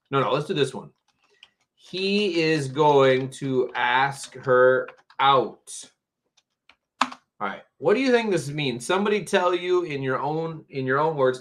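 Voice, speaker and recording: Repeating words for his learners, a patient man slowly teaches English phrasal verbs over a live stream. He's at home in the Tampa area, and his voice has a medium pitch with a fairly bright tone.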